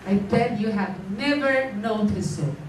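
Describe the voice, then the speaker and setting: A woman teaching a class, explaining slowly and checking whether the students follow. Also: medium pitch, expressive, a little hiss or hum. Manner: explains slowly, checks understanding with repeated questions. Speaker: English teacher. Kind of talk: classroom lesson. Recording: echoey room, voice from far off.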